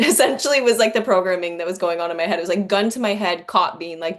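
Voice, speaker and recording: A woman's voice: fairly low pitch, brisk, hardly any pauses. A woman hosting a podcast, telling a personal story in an earnest, candid way, with many "like" fillers. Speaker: podcast host. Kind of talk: reflective conversational storytelling.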